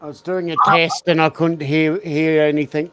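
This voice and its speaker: A man's voice: a little high, flat delivery, normal speed, background noise. An Australian man in a casual online group chat, joking and a bit apologetic. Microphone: online call mic.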